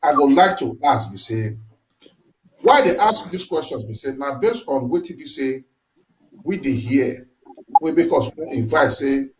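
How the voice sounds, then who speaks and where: A man with a Nigerian Pidgin accent hosting an interview, asking drawn-out, animated questions. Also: medium pitch, reverberant, a little hiss or hum, poor audio. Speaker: host.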